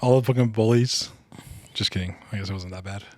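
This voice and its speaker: Young male co-host, quick animated storyteller; dry close mic. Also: fairly low pitch, no room sound. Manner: animated storyteller, swears casually. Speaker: podcast co-host. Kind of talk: casual chat among friends.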